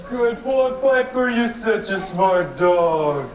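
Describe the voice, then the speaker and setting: A man's voice: high voice, animated, very slow, roomy sound, recorded from a distance, noisy background, full character voice. A man in an ad clip, proudly showing off his dog. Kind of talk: ad dialogue clip.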